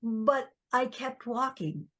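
A woman hosting a podcast, chatting with a guest and telling stories in a lively, animated way. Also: on the high side, slow. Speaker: podcast host. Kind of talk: conversational podcast interview.

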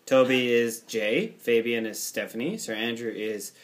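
A man's voice: medium pitch, fairly even intonation. Chatty male podcast host. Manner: chatty, quick asides. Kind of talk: casual chat.

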